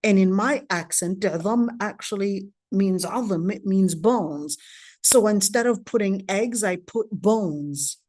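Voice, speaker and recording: A woman's voice: mid-range voice, slow, a little mellow, dry recording, clean studio sound. A woman from Palestine, in her thirties, giving a casual lecture with personal anecdotes, chatty with frequent restarts and asides.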